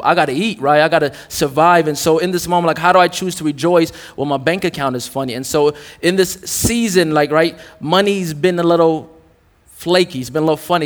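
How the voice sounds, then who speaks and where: A young adult man preaching a sermon to a congregation in a candid, conversational, joking way. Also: fairly high pitch. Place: church in front of a congregation. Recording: reverberant church hall.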